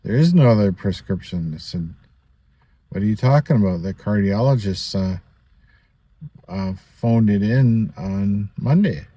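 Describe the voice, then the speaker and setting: A man with a fairly low, mellow voice speaks in an animated yet unhurried way as he vlogs a personal story to camera. He rambles casually, with lots of asides, small laughs and "you know"s.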